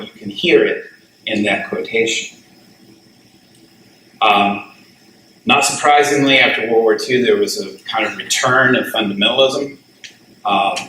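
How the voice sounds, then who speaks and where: A man's voice: on the low side, sharp tone. Middle-aged guy lecturing a class, chatty and questioning, mic kinda far off in a roomy hall with faint hum. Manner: conversational, asks the class questions, laughs at his own asides. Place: lecture room. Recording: roomy, distant classroom recording with faint ambient noise.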